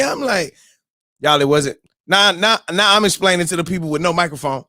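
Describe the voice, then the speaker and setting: A man hosting a morning show, telling a story in a loose, animated way, whooping and mimicking crowd voices. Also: high-pitched, normal speed, no room sound, studio quality. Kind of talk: casual storytelling.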